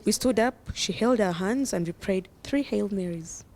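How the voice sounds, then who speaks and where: A woman's voice: mid-range voice, moderate pace, a little mellow. A young woman, a guest telling her own story earnestly and often laughing through it. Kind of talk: personal storytelling.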